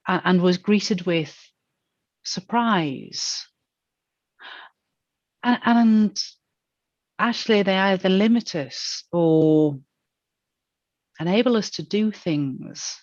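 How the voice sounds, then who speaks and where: A woman speaks as a guest in a casual podcast chat, thoughtful and gently wry. She lays out her ideas calmly. The audio is dry and slightly muffled. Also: medium pitch, takes it slowly, long pauses, dry recording.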